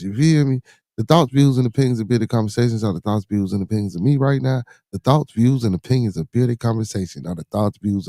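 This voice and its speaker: A man's voice: mid-range voice, gravelly, dark tone, no room sound, studio quality. A middle-aged man from Chicago with a Chicago accent, hosting a solo live-stream podcast in laid-back street slang, repeating his phrases and greeting viewers in the chat. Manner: laid-back street slang, repeats phrases, constant "you know what I'm saying". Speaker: podcast host.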